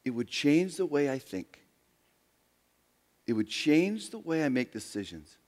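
A man preaching a sermon as pastor, dramatic, swinging between loud emphasis and hushed near-whispers. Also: on the high side, sing-song, measured pace, big-room sound.

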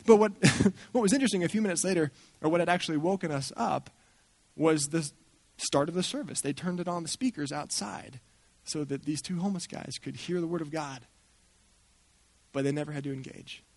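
A man speaking at a church gathering, telling a story in an animated way and acting out the people he quotes. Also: on the high side, a little fast, no room sound. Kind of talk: storytelling talk.

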